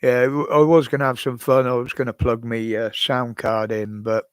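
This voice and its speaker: A man's voice: medium pitch, level tone, moderate pace, clean tone, no room sound. An older British man hosting a live stream from home, chatting casually with viewers in a rambling way, chuckling often. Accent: British English. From United Kingdom. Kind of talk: casual chat answering viewers. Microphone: desk microphone.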